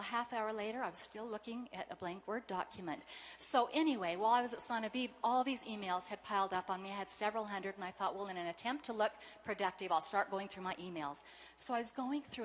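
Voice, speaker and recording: A woman giving a motivational convention speech, telling personal stories in a warm, emotional way. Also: on the high side, a little hiss or hum. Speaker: convention speaker.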